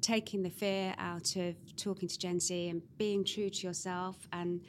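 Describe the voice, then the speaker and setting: A woman's voice: lowish voice, flat delivery, normal speed, slight background noise. A woman hosting a podcast, closing an interview with effusive praise for her guest. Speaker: podcast host. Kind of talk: interview wrap-up.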